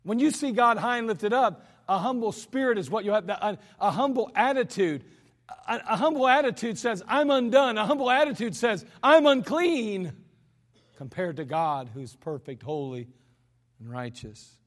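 High-voiced man preaching in a reverberant church. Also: lively intonation, moderate pace. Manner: earnest, conversational preaching with humorous asides. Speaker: pastor. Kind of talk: sermon. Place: church sanctuary. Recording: archived church service with long hall reverb.

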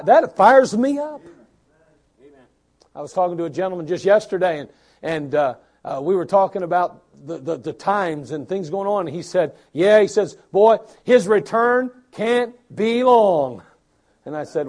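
A man's voice: on the high side, darkish tone. An older man preaching a sermon as pastor, repeating lines and building to bursts of emphasis.

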